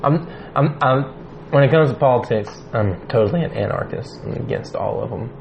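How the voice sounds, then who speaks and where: A man's voice: medium pitch, a little fast, vocal fry. A man co-hosting a casual podcast chat, silly and jokey, slipping into playful quoted voices. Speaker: podcast co-host. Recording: dull lo-fi podcast audio with faint noise.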